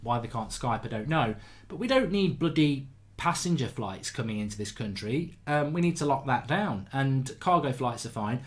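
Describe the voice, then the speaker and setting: A man's voice: mid-range voice, expressive, moderate pace. A man, hosting a casual livestream chat and telling rambling anecdotes full of restarts. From England. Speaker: show host.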